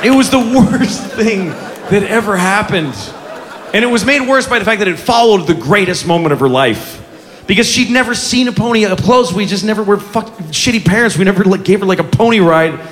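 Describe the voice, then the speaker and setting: A man in his forties performs stand-up on a club stage, his voice high and swinging wide. He tells his story with swearing and sudden shouts. A laughing audience and club noise fill the space behind him. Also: lively intonation, a little fast, long reverb tail. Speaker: stand-up comedian. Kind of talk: stand-up comedy. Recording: live club with crowd noise.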